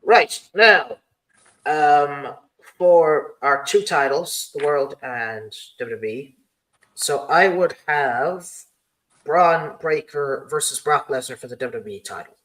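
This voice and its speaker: A man's voice: fairly high pitch, slow pace, fairly bright tone, rough recording. A man hosting a casual podcast, rambling through his ideas with many "you know" fillers. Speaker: podcast host.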